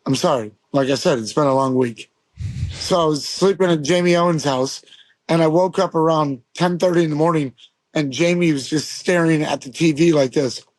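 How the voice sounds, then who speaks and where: A man's voice: a little high, normal speed, no echo. A man in his forties from Las Vegas, a guest telling stories casually, rambling with fillers and swearing. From Las Vegas, USA. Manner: profane, rambling storyteller with many fillers. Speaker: guest, pro skateboarder. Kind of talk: casual storytelling. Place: podcast studio.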